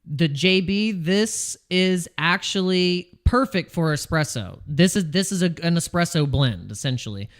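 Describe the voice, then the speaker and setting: A man's voice: on the high side, expressive, unhurried, few pauses. A man hosting a casual crypto livestream, joking and rambling, reading chat names and restarting his sentences, wired on coffee. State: over-caffeinated.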